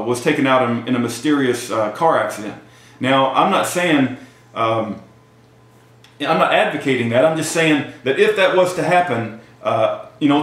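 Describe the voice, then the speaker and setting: Man, fairly high voice, halting casual monologue, very echoey room. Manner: halting, many fillers and restarts. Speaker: video commentator. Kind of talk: casual monologue, reading aloud from a text.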